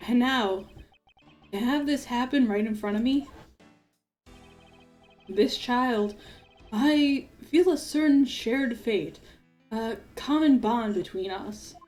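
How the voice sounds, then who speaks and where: A woman's voice: a little high, slow, long pauses, darkish tone, soft background music. A woman voicing a solemn, brooding male prosecutor, reading his lines in a grave and formal way.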